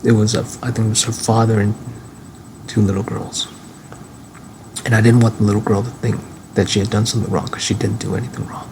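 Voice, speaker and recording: A man's voice: on the low side, flat delivery, brisk, creaky, pauses often. A man rambling through a personal monologue in a musing way, often restarting and now and then swearing. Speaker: vlogger. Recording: noisy ambient recording.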